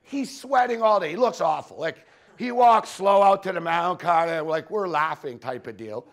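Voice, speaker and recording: A man's voice: high voice, expressive, moderate pace. A man giving a conference talk on sports betting, telling profane, punchy anecdotes and repeating his points for the audience. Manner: profane, storytelling, punchy repetitions. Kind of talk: animated anecdotal presentation.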